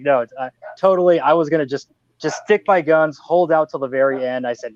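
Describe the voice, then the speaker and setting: A man hosting a podcast over a video call, chatting casually in an animated, joking, rambling way. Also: mid-range voice, moderate pace, lo-fi sound. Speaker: podcast host. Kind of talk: casual chat.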